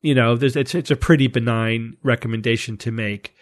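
A man's voice: medium pitch, fairly even intonation, a little fast, dry recording, studio quality. A man hosting a casual science podcast, reading a listener email and then explaining step by step with frequent restarts. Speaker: podcast host.

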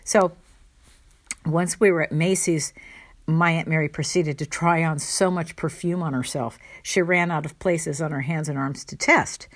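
A woman telling a personal family anecdote with wry, fond humor and playful asides. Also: low voice. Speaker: storyteller.

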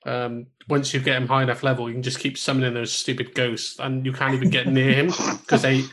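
A man co-hosting a casual podcast, laughing often, swearing and acting out quick voices. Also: mid-range voice, little pitch movement, a bit bright. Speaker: podcast co-host. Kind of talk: casual chat.

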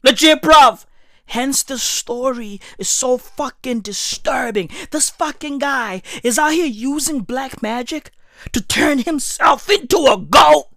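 A woman delivering a loud, profane comedic rant that keeps breaking into shouts. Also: high-pitched, takes it slowly, dry recording, clean studio sound. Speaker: vlogger.

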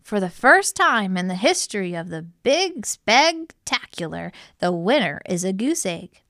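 A prim rabbit announcer as a woman reading aloud puts her on speaks slowly and ceremoniously. She calls out the results like an official. The sound is dry and close. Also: mid-range voice, big pitch swings, a bit bright, dry recording. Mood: formal.

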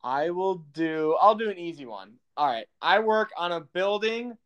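This young podcast co-host has a high, expressive voice at normal speed, with a fairly bright, clean tone though the highs are cut off. Acting as quizmaster, he teases his partner casually and laughs a lot.

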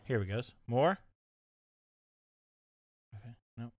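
A man's voice: mid-range voice, lively intonation, slow, a little mellow, no echo, clean studio sound. A man co-hosting a podcast in casual chat, playful, laughing often and explaining game rules. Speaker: podcast co-host.

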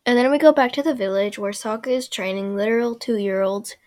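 A woman with a slightly high voice recaps an episode in a loose, casual way. She drifts into sarcastic, rambling asides and jokes as she goes. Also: a little fast, a little mellow, soft background music.

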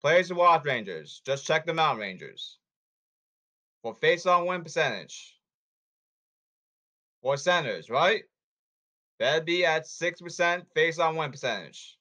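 A man's voice: on the high side, lively intonation, measured pace, pauses often, bright, forceful tone. A man hosting a sports podcast who talks in a blunt, hectoring way and repeats himself, in a casual commentary monologue.

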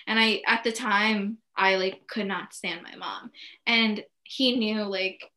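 A young woman in casual podcast chat, talking openly in quick bursts full of "like" and restarts. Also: medium pitch, fairly even intonation, pushed and bright. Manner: talks in many short bursts filled with "like", candid and emotional. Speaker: podcast co-host.

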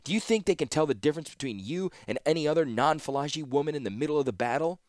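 A man's voice: on the high side, expressive, fast talker, a little mellow, no echo, clean studio sound, pitched above the performer's own voice, natural voice. A man voicing a stern, anxious male scholar in an audiobook, speaking in terse, urgent lines. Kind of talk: audiobook character voice.

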